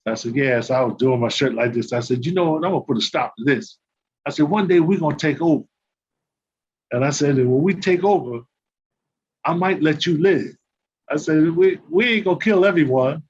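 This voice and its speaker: A man's voice: fairly high pitch, brisk. An older man, a podcast guest and former basketball player, telling casual stories and acting out the dialogue with laughter. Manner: animated, acts out quoted dialogue, laughs while telling. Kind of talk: casual anecdote storytelling. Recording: slightly muffled with faint background noise.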